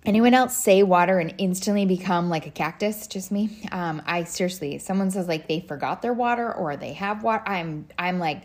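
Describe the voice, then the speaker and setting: A woman in her thirties hosts a podcast solo, speaking casually at normal speed in a lowish voice with hardly any pauses. Her talk is full of fillers and restarts.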